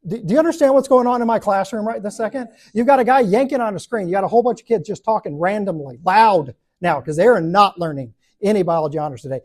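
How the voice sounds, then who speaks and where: A man's voice: sits high, fast, few pauses. A man teaching a Bible study group, telling a classroom story with lots of energy and acting out the voices of the people in it. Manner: animated, acts out voices and laughs at own stories.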